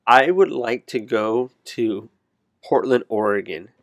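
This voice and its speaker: A man's voice: mid-range voice, lively intonation, takes it slowly, dry recording, muffled recording. Casual chatty man, dry sound. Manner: chatty, rambling, self-correcting. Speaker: conversation partner. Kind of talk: casual chat.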